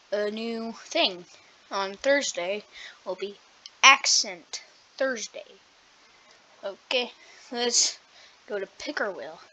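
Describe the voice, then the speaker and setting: A woman's voice: mid-range voice, a bit bright, a little hiss or hum, rough recording. A woman hosting a casual gaming vlog, rambling and self-deprecating, laughing often as she talks. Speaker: gaming video host.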